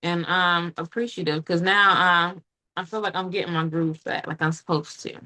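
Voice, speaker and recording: A woman hosting a casual podcast conversation, talking earnestly and reflectively in quick bursts. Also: fairly low pitch, steady tone, sharp tone. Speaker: podcast host.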